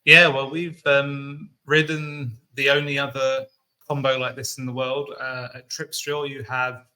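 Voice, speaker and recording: A British man co-hosts a podcast of casual enthusiast chat, sounding relaxed but hesitant, with lots of ums and fillers. His voice is mid-range and a little slow, and the recording quality is low.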